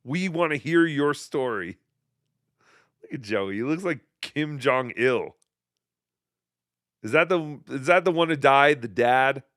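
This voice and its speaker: A male host mocks the clips he plays, with deadpan, sarcastic asides. His voice is bright and crisp, and the recording is dry and close with no room sound. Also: mid-range voice, slow pace, long pauses, no echo. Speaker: podcast host. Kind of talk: sarcastic commentary over clips.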